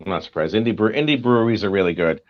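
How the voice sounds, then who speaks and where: An American man with a fairly low voice chats casually on a live stream, rambling, swearing and joking. The stream audio is dull and lo-fi. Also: animated, racing. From United States. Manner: profane, rambling, jokey. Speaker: co-host and comic artist.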